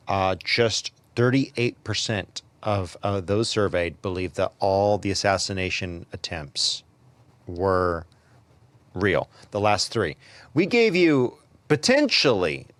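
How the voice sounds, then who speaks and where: A man's voice: on the low side, dry recording. A man hosting a podcast, giving opinionated commentary and often stammering into repeated words. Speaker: podcast host.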